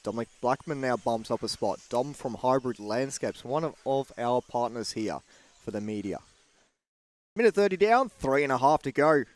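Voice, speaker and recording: A man giving play-by-play race commentary with steady lap calls. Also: medium pitch, normal speed.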